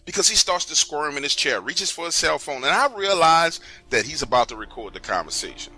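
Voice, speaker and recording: Man narrating a true story, casual slang, slightly high voice. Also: fairly quick, faint music behind. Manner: casual, slangy, animated telling. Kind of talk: first-person story narration.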